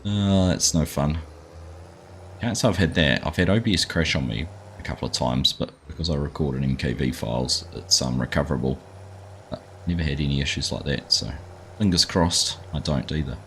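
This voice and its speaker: A man's voice: very deep voice, normal speed, a bit bright, a little hiss or hum. A middle-aged Australian man hosting a live gaming stream, chatting casually and greeting viewers by name, often calling them mate. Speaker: livestream gaming host.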